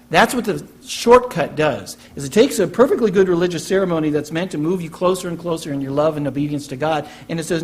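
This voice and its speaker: A man's voice: on the high side, quick pace, hardly any pauses. A man preaching a sermon as a pastor, emphatic, repeating key phrases and asking rhetorical questions. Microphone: church recording for online message.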